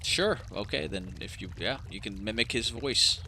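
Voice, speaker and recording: A man's voice: on the low side, expressive, moderate pace, vocal fry, pushed and bright, slight background noise. A man acting as game master, narrating a tabletop game in a laid-back way and laughing easily.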